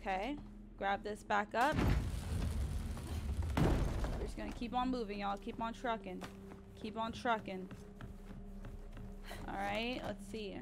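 A woman streaming a horror game, chatting excitably, cursing a lot and shrieking when scared. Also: mid-range voice, takes it slowly, gravelly, pauses often, music in the background. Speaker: gaming streamer. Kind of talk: live let's-play commentary.

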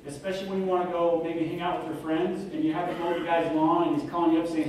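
A man's voice: on the high side, fast talker, hardly any pauses, slight background noise. A man in his thirties giving a talk as a guest speaker, telling self-deprecating stories and acting out the voices of the people in them. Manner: self-deprecating, animated, acts out quoted voices. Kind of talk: humorous lecture storytelling. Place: lecture hall. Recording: very echoey hall, far from mic.

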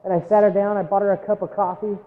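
A man's voice: sits high, little pitch movement, fast. A man preaching a sermon as a missionary, telling a story in an earnest, emotional way and often repeating words when moved. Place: church sanctuary. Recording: tinny phone-like sound with long hall reverb.

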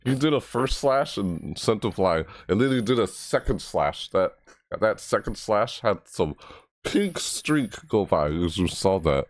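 A low-voiced man talks through a game trailer in a loose, rambling reaction style. His pitch swings wildly from deep to high when he gets excited. The sound is dry and close. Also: measured pace, no echo. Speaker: reaction video host. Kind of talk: casual reaction commentary.

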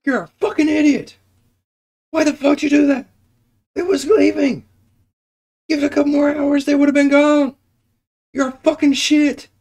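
A shrieking furious wife. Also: male voice, very high-pitched, little pitch movement, normal speed, gravelly, pauses often, darkish tone, voice pushed up. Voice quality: crude, cursing. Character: furious shrieking wife berating her husband.

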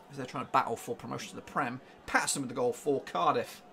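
A man giving live reaction commentary on a football match, urging his team on and getting excitable. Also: medium pitch, fast talker, creaky. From England. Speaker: fan reaction streamer.

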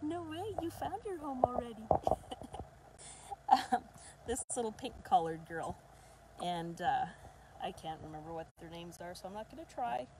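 A woman who breeds dogs talks casually to the camera, then slips into sing-song baby talk with the puppies and laughs often. Her voice sits at an ordinary middle pitch. Steady background noise runs under the recording. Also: normal speed, long pauses. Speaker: dog breeder. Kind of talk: casual vlog talking to puppies.

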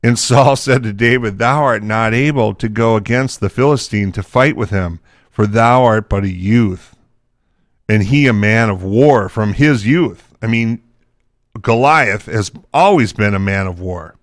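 Low-voiced man reading scripture. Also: a little slow, dry recording, clean studio sound. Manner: breaks from scripture into chatty asides. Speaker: Bible teacher. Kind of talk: reading scripture aloud with casual commentary.

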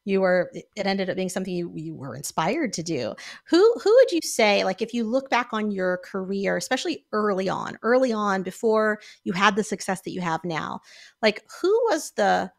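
A woman's voice: medium pitch, big pitch swings, normal speed, creaky. A woman hosting a talk show with a mid-range voice. She asks her questions with effusive enthusiasm. She rephrases them partway through. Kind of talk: interview questions.

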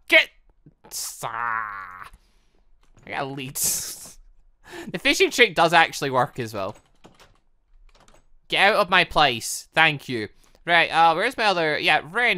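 A man's voice: a little high, bright, forceful tone, smooth, no echo, studio quality. Chatty man narrating his game. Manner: chatty, jokey, talks to villagers in the game. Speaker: gaming YouTuber. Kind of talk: casual Minecraft let's play commentary.

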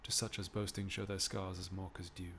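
Man reading a lovesick young prince, soft, wistful, stream reading. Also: sits low, level tone, brisk, creaky, slight background noise, pitched below the performer's own voice, exaggerated voice. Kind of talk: live-streamed Shakespeare reading.

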